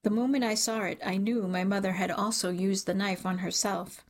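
A woman reading a dark first-person story aloud in a measured, dramatic way. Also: mid-range voice, fairly even intonation. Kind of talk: scripted audiobook narration.

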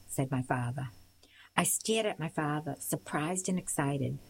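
A woman narrates a storybook in the first person, with a lowish voice and a steady, measured pace. Faint hiss sits under the recording. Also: vocal fry, rough recording. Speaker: audiobook reader.

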